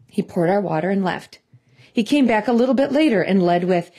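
A woman's voice: fairly low pitch, expressive, brisk, dark tone. A woman from Minnesota with a Midwestern accent, telling a devotional story in an earnest, conversational way. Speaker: devotional host.

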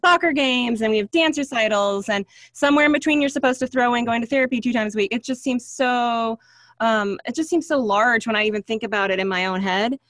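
A woman's voice: fairly high pitch, brisk, fairly bright tone, no echo, studio quality. A middle-aged woman hosting a podcast, affirming her guest and asking questions about parenting. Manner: encouraging, affirming, frequent back-channel. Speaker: podcast host. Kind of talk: podcast interview.

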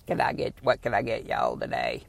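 A man's voice: lowish voice, very animated, brisk, vocal fry, heavily acted. A man imitating a sweet, folksy woman working a drive-thru, with an Oklahoma accent, recorded on a phone. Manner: sweet, folksy, calls customers honey.

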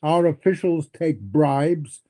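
A blunt, dismissive young nihilist, read by a man in a dramatic reading of a novel. The voice is very dark and mellow and sits a bit high for a man. The lines come slowly, curt and scornful. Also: animated.

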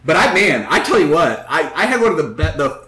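Guy rambling thru a story, swears a lot, slightly high voice, echoey room. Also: very animated, fast talker, sharp tone. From Northeast Ohio. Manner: rambling storyteller, profane, acts out quotes. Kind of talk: casual chat.

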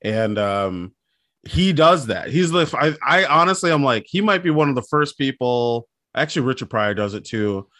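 A man's voice: medium pitch, animated, moderate pace, sharp tone, dry recording, clean studio sound. A man telling rambling, self-mocking stories in a casual podcast chat.

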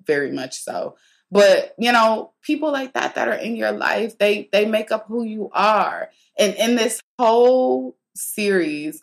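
A young adult woman hosting a podcast, telling a personal story in a candid, chatty way, laughing often and tossing slangy asides to the listener. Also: mid-range voice. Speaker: podcast host. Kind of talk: casual storytelling monologue.

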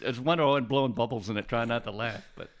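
A man, a guest and fire lieutenant, recalling old firehouse pranks in a chuckling way, quoting the people involved. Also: mid-range voice. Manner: quick, chuckling recollection with quoted dialogue. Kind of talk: casual storytelling chat.

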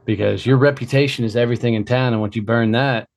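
A man's voice: medium pitch, fairly even intonation, fast talker, creaky, darkish tone. A man guest telling a blunt, profane story in a casual interview. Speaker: guest, entrepreneur.

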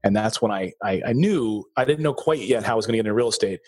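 A man's voice: fairly low pitch, fast talker, husky, dry recording. A middle-aged man from the Philadelphia area, a former TV news anchor, animatedly telling his career story as an interview guest. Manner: animated storyteller, acts out quoted voices. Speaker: guest, former TV news anchor turned real estate investor.

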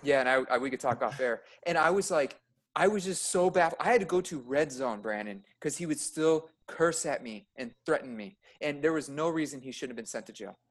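A man who works as an emergency room nurse, chatting casually on a podcast and telling stories in an animated way, full of fillers, his voice climbing high and loud when he gets worked up. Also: fairly quick.

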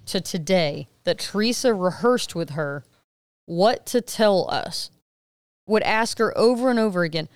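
Animated woman telling a story, crisp dry voice. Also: mid-range voice, measured pace, no echo. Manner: animated retelling with loud acted quotes and swearing. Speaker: podcast co-host. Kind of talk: casual storytelling chat.

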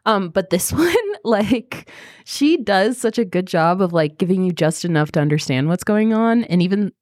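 A woman's voice: mid-range voice, lively intonation, moderate pace, a little mellow, dry recording, clean studio sound. A woman co-hosting a book podcast, talking in a chatty, filler-heavy way as she retells scenes. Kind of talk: casual book club chat.

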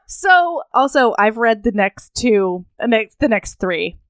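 A woman co-hosting a casual podcast, telling a novel's plot with lively energy and plenty of laughter. Her voice sits high and sounds smooth and clear, recorded dry and close. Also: takes it slowly, dry recording. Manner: animated, laughs often, acts out character lines. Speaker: podcast co-host. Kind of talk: casual chat recapping a novel.

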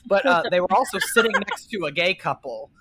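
A man co-hosting a podcast, telling animated stories in casual chat and swearing freely. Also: high voice, fairly quick, background noise. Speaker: podcast co-host.

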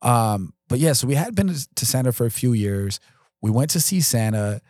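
A man in his thirties tells family stories on a casual podcast, his pitch rising and falling with a lot of life. He jokes often and fills his sentences with "like" and "you know." The recording is dry and close. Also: moderate pace, no room sound. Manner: relaxed storyteller with frequent fillers and jokes. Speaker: podcast co-host. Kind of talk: casual chat.

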